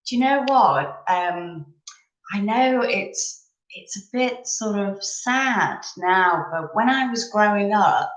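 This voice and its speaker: A woman's voice: mid-range voice, lively intonation, extremely slow, echoey room, faint music behind, poor audio. A woman in her thirties from England, chatting casually and rambling a little as she hosts a live chat over coffee. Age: 30s.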